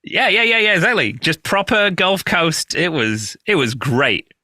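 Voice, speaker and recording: Lively, bright-voiced British man. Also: high voice, measured pace, no room sound. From United Kingdom. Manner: animated storyteller who acts out quoted voices. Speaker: guest comedian. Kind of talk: casual podcast chat.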